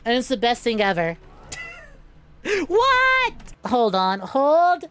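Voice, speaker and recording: A woman's voice: a little high, huge pitch swings, slow, a bit bright, a little hiss or hum. A woman streaming a game, greeting her chat by name, swearing freely and laughing often. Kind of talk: casual livestream chat while gaming.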